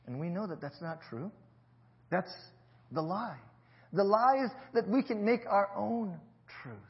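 Pastor, male, high voice, storytelling sermon, dull lo-fi audio. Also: animated, unhurried. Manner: storytelling preacher, swings between loud emphasis and low quiet.

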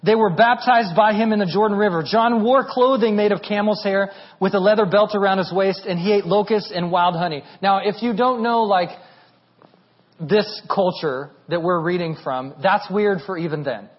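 Animated high-voiced male preacher. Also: normal speed, lo-fi sound. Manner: animated, rising to near shouting at peaks. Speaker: pastor. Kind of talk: sermon.

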